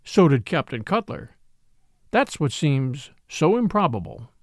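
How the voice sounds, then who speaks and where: A man voicing a little, mild but shrewd priest who speaks quietly and measuredly in a storybook reading. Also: fairly high pitch, big pitch swings, dry recording, studio quality. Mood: calm. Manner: quiet, measured, gently pointed.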